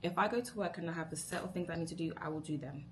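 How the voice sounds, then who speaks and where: A woman's voice: sits low, rapid-fire, a little hiss or hum. A young woman venting about her job to camera in a rambling, exasperated way, repeating herself. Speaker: vlogger. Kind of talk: emotional work rant to camera.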